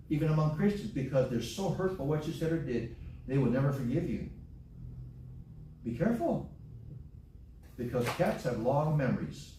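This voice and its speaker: A man's voice: mid-range voice, warm tone, slight background noise. A man preaching a sermon in a church, folksy and repeating phrases for emphasis. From Hawaii. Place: church sanctuary. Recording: echoey church hall, from far off.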